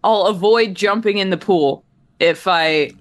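A young woman co-hosting a sports talk show, blunt and animated in her opinions. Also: mid-range voice. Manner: animated, blunt, quick reactions. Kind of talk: casual sports talk banter.

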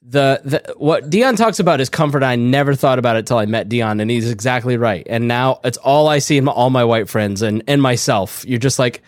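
A man's voice: mid-range voice, brisk, hardly any pauses, dry recording. Guy cohosting a podcast, rambly and jokey, mid voice, dry close mic. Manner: rambling, self-interrupting, playful. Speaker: podcast co-host. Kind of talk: casual podcast chat.

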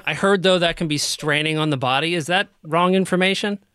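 A man with a high voice on a radio show, reading interview questions in an awkward, self-mocking way. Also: a little fast, pushed and bright, smooth, no echo, studio quality. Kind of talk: casual radio banter.

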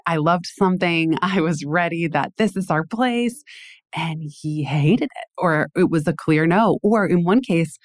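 A woman hosting an interview, telling stories in an animated way with emphatic repeats. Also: lowish voice, a little slow, no room sound, clean studio sound. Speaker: podcast host. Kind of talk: conversational interview.

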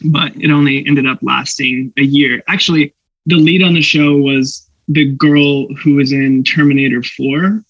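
Brief: young actor guest, animated storyteller, laughs often, dull dry podcast sound. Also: male voice, on the high side, unhurried, no echo. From Canada. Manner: animated, laughing, acts out voices in anecdotes. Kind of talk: casual storytelling interview.

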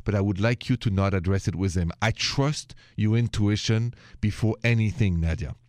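A man's voice: on the low side, normal speed, dry recording, clean studio sound. A man hosting a late-night radio advice show, chatting and encouraging callers. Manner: warm, encouraging, speaks with a thick accent. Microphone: studio microphone.

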